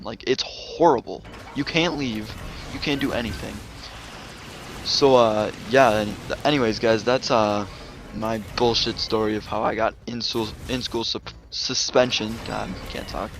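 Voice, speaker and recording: A man's voice: mid-range voice, a bit bright. A man telling a casual storytime vlog, rambling with many fillers and restarts. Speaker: gaming vlogger.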